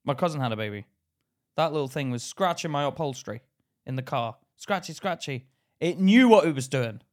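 A man's voice: medium pitch, lively intonation, a little fast. A young man co-hosting a podcast, talking bluntly and acting out his stories with swearing. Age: young adult. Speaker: podcast co-host. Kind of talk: casual chat.

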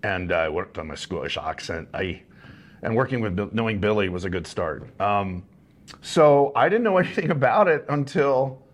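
A man's voice: on the low side, expressive, normal speed. A sleep-deprived man telling rambling anecdotes with frequent chuckles as a guest in a casual interview. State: tired, short on sleep.

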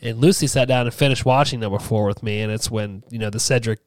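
A man's voice: medium pitch, fairly even intonation, quick pace, dry recording, clean studio sound. A man hosting a horror podcast, telling rambling family stories in casual chat and acting out what his kids said. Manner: rambling storyteller, acts out family quotes. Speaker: podcast host.

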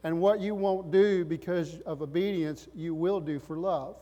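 A man preaching a sermon as pastor, impassioned, swinging from loud emphatic lines to quiet earnest ones. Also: a little high, steady tone, a little slow, long reverb tail, muffled recording.

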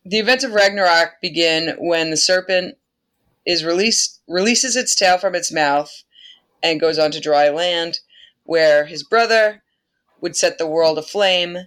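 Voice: mid-range voice, measured pace, a bit bright. A podcast host casually retelling a myth in an irreverent way, laughing often and swearing now and then.

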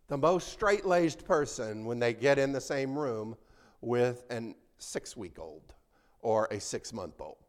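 Animated preacher with a lively voice. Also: male voice, on the high side. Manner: conversational, animated preaching with sudden loud and soft swings. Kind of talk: sermon.

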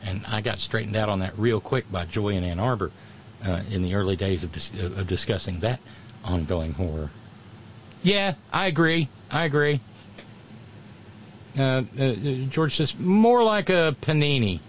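A man's voice: lowish voice, lively intonation, normal speed, pauses often, a little hiss or hum. A middle-aged man, casually chatting and reading viewer comments, rambling with many restarts and wry asides. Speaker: livestream host.

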